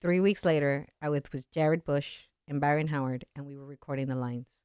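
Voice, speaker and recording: A Latin American woman in her thirties, guesting on a podcast, tells a personal story casually and acts out the voices of the people in it. Her voice is low, clear and resonant, a little fast, and the studio-quality recording has no room sound. She comes across as animated.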